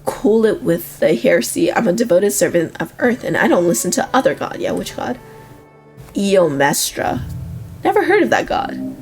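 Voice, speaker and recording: A woman's voice: mid-range voice, sing-song, brisk, darkish tone, soft background music. A young woman streaming a role-playing game, reading its text aloud with amused reactions.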